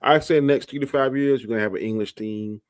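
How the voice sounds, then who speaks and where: A man's voice: medium pitch, fast talker. A man on a casual live chat, talking in a folksy way in short lists.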